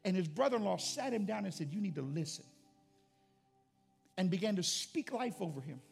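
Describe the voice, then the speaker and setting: Gravelly high-voiced man preaching. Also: animated, brisk, faint music behind. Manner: earnest storytelling, rising to impassioned intensity. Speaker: pastor. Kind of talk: sermon.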